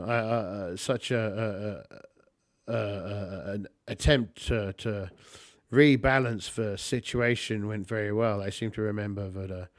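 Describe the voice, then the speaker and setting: A man's voice: on the low side, no room sound, studio quality, close to an everyday voice. Man putting on a sardonic company director. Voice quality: mannered, ironic phrasing.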